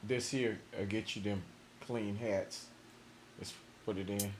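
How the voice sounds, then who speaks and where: A man producer talking casually to himself while he mixes a beat, relaxed and muttering, with louder asides to his viewers. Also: fairly low pitch, unhurried. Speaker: music producer streaming a mixing session. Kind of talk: casual talk-through while mixing a beat. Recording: loud background noise.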